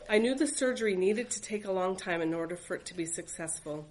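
A woman's voice: medium pitch, brisk, poor audio. Earnest woman reading her own memoir. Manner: earnest, reflective, faith-filled. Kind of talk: reading a personal memoir aloud.

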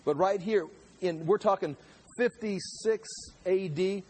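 A man preaching a casual Bible study, walking through scripture line by line and often stumbling and repeating himself as he works his way to the point. His voice sits fairly high for a man and has a husky, slightly rough edge. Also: slow, a little mellow. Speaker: pastor teaching a Bible study. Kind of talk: conversational sermon teaching.

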